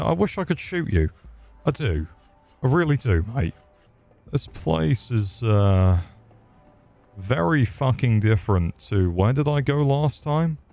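A man rambles through a video game with crude jokes and lots of swearing. His voice sits fairly low, and faint game music runs under it. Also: darkish tone. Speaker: gaming streamer. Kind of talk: profane comedic gameplay commentary.

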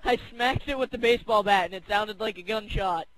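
High voiced dude gaming with a friend, rambly, bossing him around, lots of game noise. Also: male voice, a little fast, rough recording. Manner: eager, rambling, gives orders during play. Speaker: co-op gaming partner. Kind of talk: casual let's-play chat. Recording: loud game noise under the voice.

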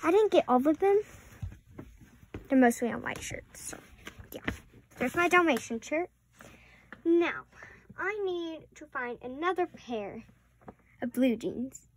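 A woman's voice: sits high, expressive, slow pace, pauses often, slight background noise. A preteen girl, rambling through a casual vlog with many apologetic asides. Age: around 11 or 12. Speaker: vlogger.

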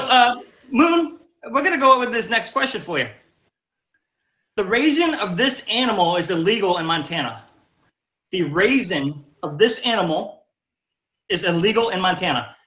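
A man hosting a live-stream trivia game, upbeat and reading the answer options out slowly as a list. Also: high-pitched, pushed and bright, roomy sound. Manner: upbeat, repeats questions slowly, reads options as lists. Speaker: game show host.

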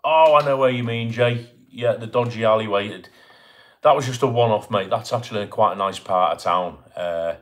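Low-voiced chatty man hosting a live stream. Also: moderate pace. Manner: chatty, reads out viewer comments and greets them by name. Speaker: livestream host. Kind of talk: casual live-stream chat. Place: home in Bournemouth.

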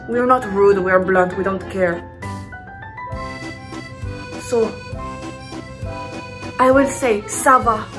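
A woman doing a snobbish French teacher who speaks with a put-on French accent that slides into British. She sounds blunt and mock-arrogant, with a voice a little high and an unhurried, lingering delivery. Faint music plays behind her. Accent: put-on French accent slipping into British. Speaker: comedic host. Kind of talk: comedy sketch with makeup tutorial.

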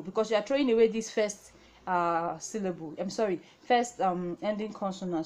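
A woman's voice: mid-range voice, normal speed, a little mellow. A young woman from Nigeria teaching a reading lesson at a whiteboard, patient, repeating each word and checking in with "okay?". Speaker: language teacher.

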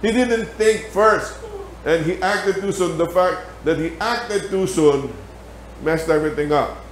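A man's voice: fairly high pitch, a little slow, a little hiss or hum. Filipino-accented man teaching in an echoey church. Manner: animated storytelling with laughter. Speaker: Sabbath school teacher. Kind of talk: church Bible lesson. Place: church hall.

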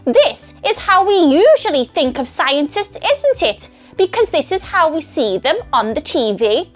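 A woman's voice: big pitch swings, unhurried, faint music behind. A woman putting on a hammy mad scientist voice. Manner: exaggerated high theatrical delivery. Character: eccentric stereotypical TV scientist, wild-haired, female adult.

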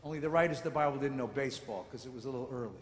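A man giving a sermon-style lecture as a rabbi, telling stories and rising from quiet asides to shouted rebukes. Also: medium pitch, very fast, slight background noise. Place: synagogue sanctuary. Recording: echoey hall with long reverb.

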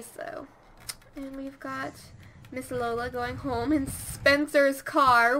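A woman giving casual let's-play commentary, chatty and easily excited, talking straight to her game characters. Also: sits high, slow. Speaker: gameplay commentator.

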